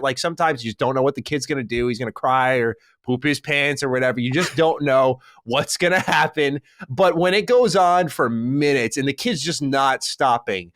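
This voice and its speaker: A man's voice: on the high side, no room sound, clean studio sound. A young man co-hosting a podcast, telling rants and stories in casual chat and swearing freely. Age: young adult. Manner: animated ranting storyteller, swears freely. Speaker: podcast co-host.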